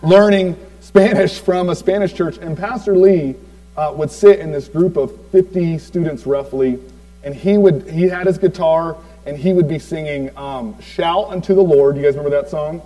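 A man's voice: fairly high pitch, moderate pace, warm tone, rough recording. A man in his forties telling a personal testimony to a church crowd, rambling with lots of fillers and asides to the audience. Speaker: church speaker giving a tribute.

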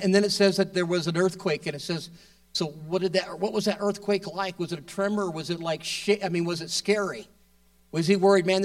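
Male preacher, slightly high voice, off-mic, conversational sermon with rising emphatic peaks. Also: recorded from a distance. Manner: conversational, asks rhetorical questions, builds to emphatic peaks.

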